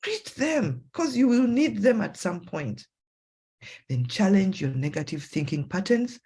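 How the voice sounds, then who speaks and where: A woman's voice: unhurried, husky. A woman psychologist with a Ugandan English accent giving a motivational talk, acting out self-talk in a raised voice. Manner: animated, acts out self-talk in a high voice.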